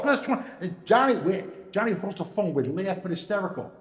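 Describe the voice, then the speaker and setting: A man with a high-set voice tells stories in casual chat, animatedly acting out the voices of the people in them. The room is echoey with a long reverb tail. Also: animated, brisk. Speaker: storyteller. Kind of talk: casual storytelling.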